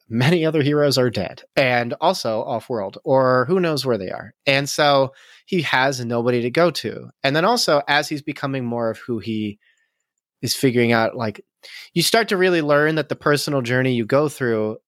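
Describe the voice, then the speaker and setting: A man co-hosting a podcast, reflecting on a movie in a thoughtful, halting way. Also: medium pitch, fairly bright tone, dry recording, clean studio sound. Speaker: podcast co-host. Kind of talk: casual movie review chat.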